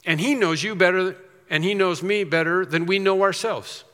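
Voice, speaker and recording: A long reverb tail trails the high voice of a man preaching as pastor. His sermon rises to loud, slow stress on key lines and then drops to quieter passages.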